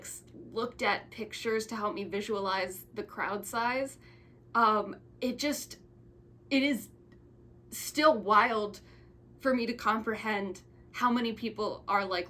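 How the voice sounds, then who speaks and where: A woman's voice: mid-range voice, pushed and bright. A twenty-year-old woman hosting a casual thank-you video, rambling with frequent restarts and stumbles, sentimental in tone. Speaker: YouTuber.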